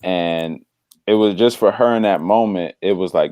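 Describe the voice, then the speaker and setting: Low-voiced guy telling a story, lots of slang, dry close mic. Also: normal speed, dry recording. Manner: animated storyteller, acts out quoted voices; slangy, drops "bro". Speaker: devotional podcast co-host. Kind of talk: casual storytelling chat.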